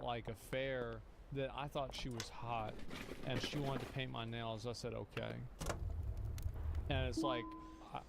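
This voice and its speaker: A man's voice: mid-range voice, vocal fry, background noise. A man in his thirties, a streamer reacting to a video with blunt, rambling, swear-heavy commentary. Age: 30s. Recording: clicking sounds in the background.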